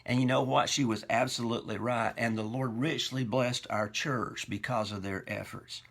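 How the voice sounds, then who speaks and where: A man's voice: medium pitch, steady tone, moderate pace, fairly bright tone. A male pastor preaching a sermon, telling folksy anecdotes from his churches with self-deprecating humor. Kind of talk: storytelling sermon.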